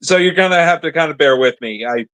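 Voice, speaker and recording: A man's voice: on the high side, expressive, fast talker, fairly bright tone. A man co-hosting a podcast in casual chat, easygoing and laughing along. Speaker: podcast co-host.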